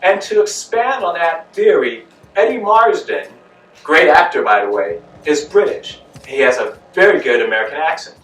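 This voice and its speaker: A man's voice: a little high, sing-song, moderate pace, a bit bright, recorded from a distance. A man giving a casual spoken film review, talking conversationally, asking rhetorical questions and repeating his points for emphasis. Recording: echoey room, voice off-mic, faint music.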